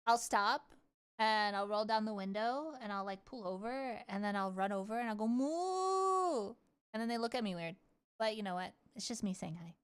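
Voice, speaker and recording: A woman's voice: mid-range voice, brisk, clean tone. A woman streamer chatting casually on a live stream, playful and rambling, swearing freely. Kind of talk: casual livestream chat.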